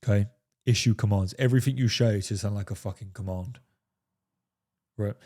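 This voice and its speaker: This dating coach has a fairly low, mellow voice and speaks a little fast. Talking straight to camera, he gives an emphatic, profanity-laced coaching monologue, frequently saying "fellas" and "right?".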